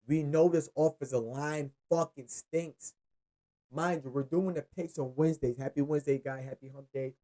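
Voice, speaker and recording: A man hosting his own sports picks show, rambling loosely and cursing as he runs through the games. He speaks with in an easy, unscripted way. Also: medium pitch. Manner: loose, profane, rambling, lively. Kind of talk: casual sports picks monologue.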